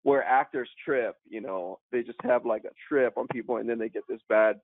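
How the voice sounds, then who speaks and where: A man, an actor guest on a podcast, telling a story in an animated, slangy way and calling people "man", "dude" and "bro". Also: medium pitch, a little fast, no room sound. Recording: tinny phone-like remote call line, dry.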